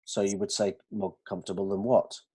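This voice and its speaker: A man explaining communication ideas to colleagues in an animated way, checking that they follow. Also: lowish voice, a little fast, breathy edge. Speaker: dental communication trainer. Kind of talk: explanatory discussion.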